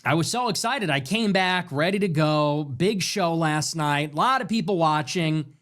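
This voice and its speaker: A man hosts a ranting political talk show in a voice pitched a little high for a man. He is animated and swings between loud bursts and low muttered asides as he rants on. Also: moderate pace. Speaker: show host.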